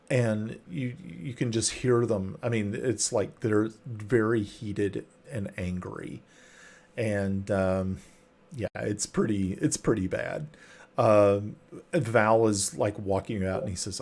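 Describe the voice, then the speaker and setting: A man narrating a tabletop role-playing game as game master, halting with fillers and restarts. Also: lowish voice, gravelly, a little mellow, slightly rough.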